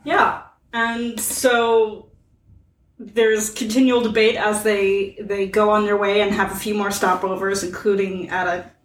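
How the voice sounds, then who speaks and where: A woman's voice: medium pitch, flat delivery, a little slow, echoey room, far from the mic, poor audio. A woman co-hosting a podcast, recapping a movie with hesitant, amused hedging. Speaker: podcast co-host. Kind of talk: casual chat, summarizing a film plot.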